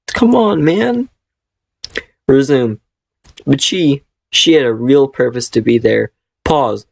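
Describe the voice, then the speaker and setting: A man's voice: mid-range voice, expressive, slow, vocal fry, long pauses, darkish tone, no echo. A man reading a fan fiction aloud and mocking it with sarcastic, profane, exasperated asides. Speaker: reader and commentator.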